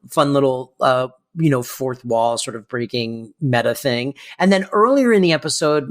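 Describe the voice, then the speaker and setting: A man's voice: medium pitch, fairly bright tone. A man co-hosting a podcast in a casual chat, explaining at length with many fillers. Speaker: podcast co-host.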